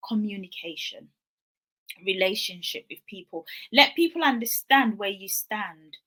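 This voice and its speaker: A woman's voice: mid-range voice, animated, a little slow, bright, forceful tone. A young adult woman giving an earnest, conversational motivational talk on wellness, acting out the dialogue she quotes. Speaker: wellness speaker.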